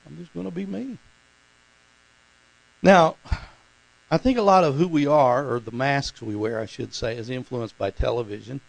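A man's voice: mid-range voice, moderate pace, vocal fry, no echo, low-quality recording. A man preaching a conversational sermon as pastor, talking informally and putting questions to his congregation.

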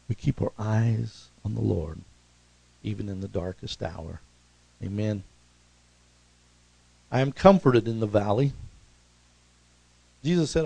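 A man preaching a sermon as pastor, swinging from emphatic, raised lines to soft, low asides, with calls to the congregation. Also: slow, vocal fry, long pauses, slightly rough, low-quality recording. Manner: rises to emphatic peaks, then drops soft and low; preaching with congregational call-outs.

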